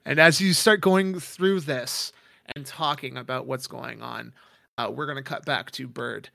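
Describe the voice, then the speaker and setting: A man's voice: medium pitch, measured pace, creaky, pushed and bright, dry recording, clean studio sound. A man narrating a tabletop game as game master, rambling with many fillers.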